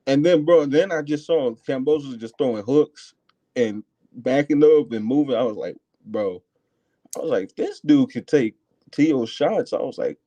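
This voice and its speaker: A man calling in to chat about boxing, rambling and excitable with lots of fillers. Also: medium pitch, measured pace, dry recording. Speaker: caller. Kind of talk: casual phone-in chat.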